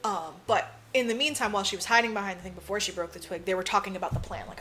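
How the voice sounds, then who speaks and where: Music plays in the background as a woman with a mid-range voice speaks very fast while co-hosting a podcast. In her casual movie recap she acts out lines from the characters, swears freely, and leans heavily on "like."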